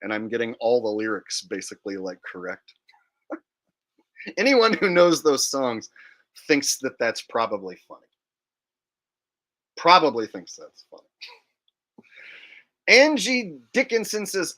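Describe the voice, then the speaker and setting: A man's voice: medium pitch, huge pitch swings, a little slow, pauses often, bright, forceful tone. A man hosting a livestream, chatting casually and reading comments aloud in a laid-back way. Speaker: livestream host.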